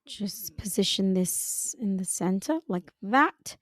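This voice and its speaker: Woman, design tutor, slow step-by-step instructions, dry close voice-over. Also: medium pitch, animated, no echo. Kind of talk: screen-recorded software tutorial narration.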